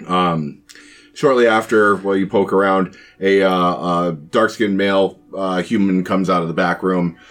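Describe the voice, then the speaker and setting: Low-voiced, rambling male game master. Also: steady tone, normal speed. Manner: rambling, many fillers and restarts. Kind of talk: narrating a tabletop game.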